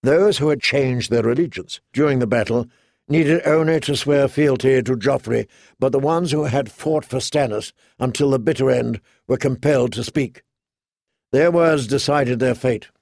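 A man reading a fantasy novel aloud as an audiobook narrator, measured and steady. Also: medium pitch, vocal fry, no echo, clean studio sound. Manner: measured, storytelling. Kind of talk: scripted narration.

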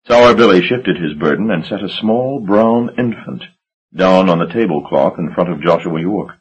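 A man reading a gothic novel aloud as an audiobook narrator, in a measured, dramatic storytelling manner. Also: low-pitched, lively intonation, slightly rough, highs cut off. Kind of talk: scripted narration.

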